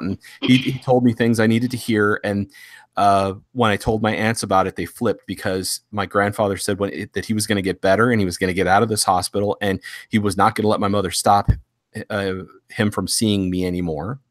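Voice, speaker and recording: Man, lowish voice, dry sound, earnest halting personal account. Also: fairly even intonation, no room sound. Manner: earnest, halting, many restarts. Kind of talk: casual personal storytelling.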